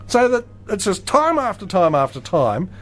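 A man hosts a casual comedic talk show and rants bluntly and crudely. His voice sits high and swings widely in pitch. Faint music plays behind him. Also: big pitch swings, moderate pace, a bit bright. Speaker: radio show host.

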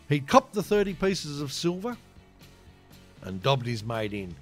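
Rambling man, high lively voice. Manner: profane, rambling, tangential asides. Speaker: podcast co-host. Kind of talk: irreverent comic retelling.

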